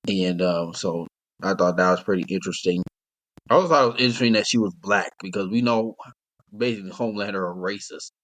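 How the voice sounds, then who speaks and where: A man's voice: deep voice, quick pace, fairly bright tone. A young man co-hosting a casual podcast, talking in a rambling, laid-back way and laughing often. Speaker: podcast co-host. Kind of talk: casual chat.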